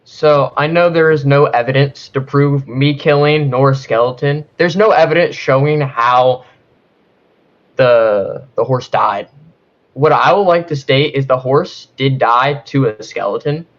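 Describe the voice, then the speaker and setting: A man's voice: mid-range voice, measured pace. A man defending himself in a mock trial with friends, hesitant and full of "um" and "uh" while reaching for formal phrasing. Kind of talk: casual mock-courtroom defense. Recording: slightly dull lo-fi mic.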